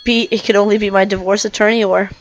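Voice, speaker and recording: A woman's voice: mid-range voice, flat delivery, quick pace, dry recording, lo-fi sound, lightly acted. Woman reading as a cynical dinosaur detective. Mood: weary. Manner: plain first-person narration, restarts over misread words. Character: weary cynical herbivore dinosaur detective, male. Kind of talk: reading a visual novel aloud.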